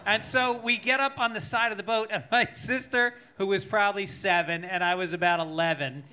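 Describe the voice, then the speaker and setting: A man's voice: sits high, fairly even intonation, a little fast, bright, forceful tone. A male comedian guest on a live podcast, telling a rambling, profane childhood story with laughter. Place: live show on stage.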